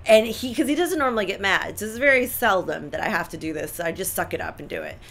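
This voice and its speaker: A middle-aged woman co-hosts a casual relationship advice chat. Her voice is bright and slightly forceful. She is emphatic and animated, and she drives her points home by repeating them. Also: mid-range voice, fast talker, creaky. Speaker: co-host giving relationship advice.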